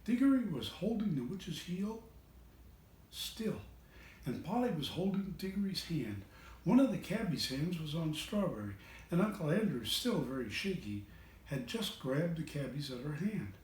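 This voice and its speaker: A man reading a children's storybook aloud in an expressive voice, changing voices for the characters. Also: a little high, normal speed, distant mic. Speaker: reader of children's books. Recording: echoey room, away from the mic.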